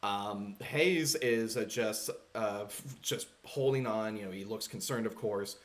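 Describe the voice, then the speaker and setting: A man running a tabletop game as game master, narrating in a halting way with many fillers. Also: on the low side. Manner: halting, full of fillers and restarts.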